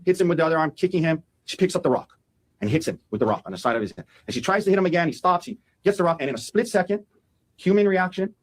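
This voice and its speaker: A man talking quickly in a husky, slightly raised voice. He lays out an opening statement to a jury in an animated way and acts out what people said as he goes. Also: a little high, low-quality recording. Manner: fast, animated, acts out quotes. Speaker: defense attorney.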